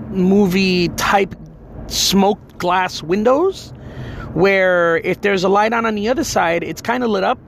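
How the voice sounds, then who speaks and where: A man retelling a dream in an emotional, animated way, full of fillers and quoted speech. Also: sits high, slight background noise. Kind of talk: personal storytelling.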